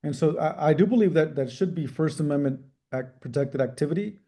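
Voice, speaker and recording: Mellow-voiced man, careful legal talk. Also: on the high side. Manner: measured, careful, frequent restarts. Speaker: civil rights trial attorney. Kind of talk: interview answers.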